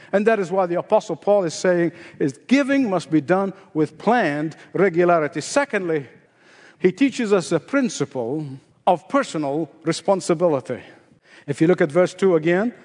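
Emphatic older male preacher, reverberant hall. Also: a little mellow. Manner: emphatic, repeats key phrases with rising pitch. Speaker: pastor. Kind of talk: sermon.

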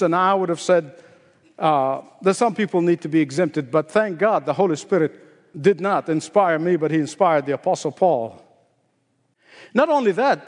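An older male pastor delivers a sermon in a high, emphatic voice, repeating key phrases and lifting his pitch to drive them home. His words ring out with a long reverb tail, as in a large hall.

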